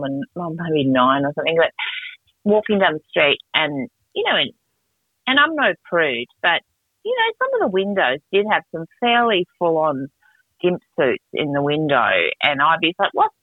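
A middle-aged woman, telling stories in a casual podcast chat, animated and quick to laugh. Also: no echo. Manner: animated, laughing, jumps between pitches. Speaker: podcast co-host. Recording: tinny phone-like dry sound.

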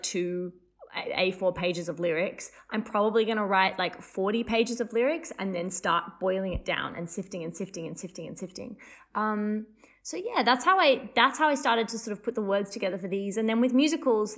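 A young woman talks casually as an interview guest, full of fillers and quick restarts. Her pitch sits right in the middle of her range. She sounds relaxed and conversational as she chats. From Australia. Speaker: playwright and composer guest.

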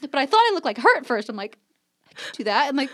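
Podcast guest, woman, high-pitched and rapid, bubbly storyteller. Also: dry recording. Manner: animated storyteller, acts out quotes, laughs often. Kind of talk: casual chat.

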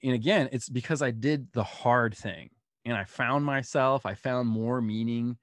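A man being interviewed, telling personal stories in an animated way and laughing as he goes. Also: medium pitch, measured pace, no echo. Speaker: guest. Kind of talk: storytelling interview.

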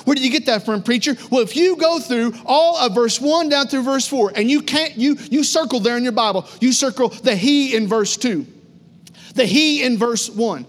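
A male pastor preaching a storytelling sermon in an animated, conversational way, full of repetition. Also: very high-pitched, long reverb tail.

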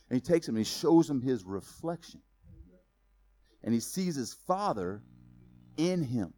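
A man preaching a sermon, telling a story in a lively, casual way with slang. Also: mid-range voice, measured pace, long pauses, dry recording. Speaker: pastor.

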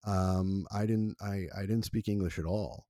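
Forties man, first language Italian; very low, mellow voice; rambling, self-deprecating storyteller. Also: steady tone, a little slow, dry recording, clean studio sound. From Italy. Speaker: former college radio producer. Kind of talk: relaxed interview conversation.

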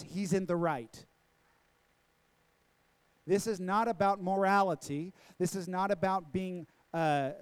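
A man preaches to his congregation, driving points home through repetition and pointed questions. His voice sits noticeably high for a man. The sound is dry and close, with little room echo. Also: a little mellow. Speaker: pastor. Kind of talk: sermon. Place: church sanctuary.

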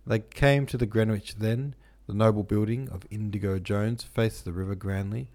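A male podcast host calmly narrating a classic novel as an audiobook reading. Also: on the low side, normal speed, hardly any pauses.

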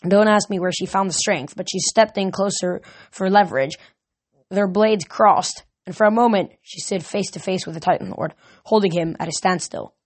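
A woman's voice: mid-range voice, normal speed. A woman reading a novel aloud, now and then stumbling and restarting a word. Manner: reads with small slips and restarts. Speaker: audiobook reader.

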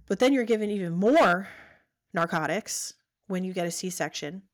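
Low-voiced woman telling her story. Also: normal speed. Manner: animated storytelling, acts out quoted voices. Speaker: podcast guest. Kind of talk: personal story in conversation.

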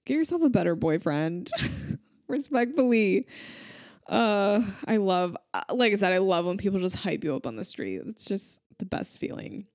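A woman in her thirties hosts a podcast and reads listener stories aloud. She gets emotional and gushes between them, with plenty of fillers. Her voice sits at a middle pitch and the sound is dry and close to the mic. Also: very animated, moderate pace, darkish tone, no echo. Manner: gushing, emotional, talks with many fillers. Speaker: podcast host. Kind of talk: reading listener stories aloud, casual chat.

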